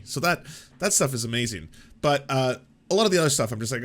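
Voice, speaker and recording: A man talking in loose, casual commentary, sprinkling his speech with swearing and filler words. His voice sits at an ordinary middle pitch. He sounds like a host reacting to a clip for his audience. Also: quick pace, a bit bright. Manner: loose, profane, frequent "like" fillers. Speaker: show host reacting to a debate.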